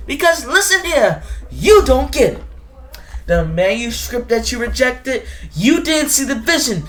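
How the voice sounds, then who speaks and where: A woman's voice: high voice, very animated, unhurried. A woman voicing a dramatic, touchy male aspiring author in a comedy sketch, theatrical and indignant, repeating himself for effect.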